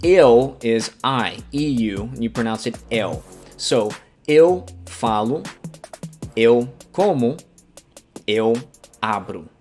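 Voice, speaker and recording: A man's voice: medium pitch, slow, darkish tone. A man from Alabama with a Southern American accent, teaching a beginner language lesson patiently, spelling out words and repeating examples. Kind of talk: scripted beginner grammar lesson. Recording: faint guitar music underneath.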